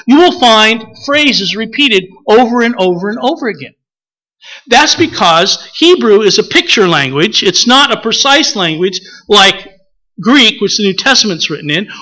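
An older man preaching a sermon, telling the story with animated acted-out quotes before teaching on the text. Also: high-pitched, poor audio. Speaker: pastor.

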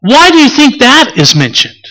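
A man preaching a sermon in a reflective, unhurried way, pausing to ask the listeners rhetorical questions. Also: very high-pitched, huge pitch swings, bright, forceful tone, low-quality recording.

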